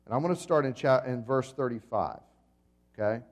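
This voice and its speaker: A pastor preaching a sermon to his congregation, telling the story vividly, swinging between loud and soft, and asking the listeners questions. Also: medium pitch, animated, normal speed. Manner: dramatic storytelling with swings in volume.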